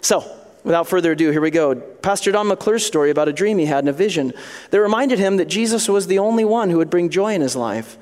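A man's voice: high voice, expressive, fast, a little mellow. A male pastor preaching a sermon in an earnest, conversational storytelling manner. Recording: long hall reverb.

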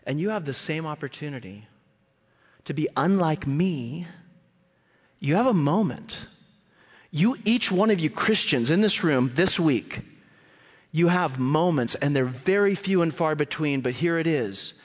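A male guest preacher telling stories from the pulpit, his voice a little higher than most men's. He acts out the scenes with sudden high-pitched cries. His voice rings with the long reverb of a big church hall. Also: moderate pace. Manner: animated, jumps into high squeals when acting out scenes. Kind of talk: sermon with storytelling.

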